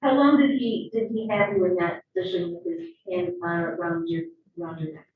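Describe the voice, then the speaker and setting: A woman questioning a witness in a courtroom, measured and probing. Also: mid-range voice, very animated, slight background noise. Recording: echoey, distant, dull courtroom audio.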